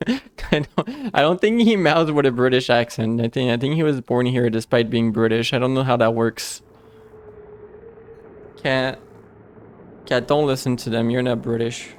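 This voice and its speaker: Rambling male streamer, halting speech. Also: medium pitch. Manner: rambling, halting with frequent restarts. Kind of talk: casual live game commentary.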